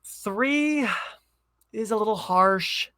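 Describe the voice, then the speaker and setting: A man's voice: sits high, lively intonation, very slow, pushed and bright, smooth, no echo, clean studio sound. A man co-hosting a movie podcast, chatting casually and rambling with lots of asides. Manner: rambling, self-interrupting, trailing asides. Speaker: podcast co-host. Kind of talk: casual movie review chat.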